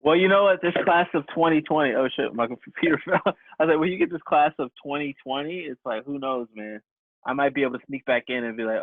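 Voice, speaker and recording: A man's voice: fairly high pitch, fast talker, dry recording. Man on a tinny, dry line. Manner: jokey, acts out little scenes. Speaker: podcast co-host. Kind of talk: casual comedic chat. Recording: dry, tinny phone-like sound.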